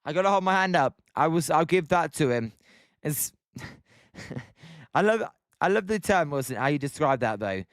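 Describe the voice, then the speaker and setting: A British man hosting a live stream, giving play-by-play commentary and chatting with viewers between pitches. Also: lively intonation, moderate pace, long pauses, no room sound, clean studio sound.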